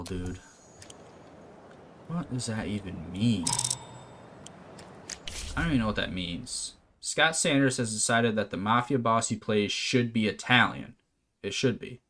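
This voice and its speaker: A man's voice: lowish voice, fairly bright tone. A man casually commenting on a management game, reading its text aloud with wry asides. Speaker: gameplay commentator. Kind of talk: let's play commentary. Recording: faint noise and clicks.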